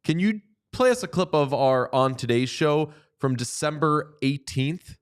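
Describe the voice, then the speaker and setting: A man's voice: on the high side, a little slow, clear, resonant tone. A man hosting a sports podcast in casual chat, playful and teasing. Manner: playful, teasing, jumps into sing-song bits. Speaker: podcast host.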